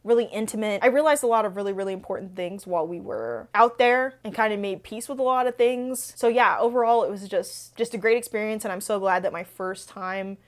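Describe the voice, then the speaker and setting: A young adult woman who hosts a book channel talks at a medium pitch, briskly and with hardly any pauses. She tells stories in a casual Q&A format, chatty and rambling, with plenty of fillers.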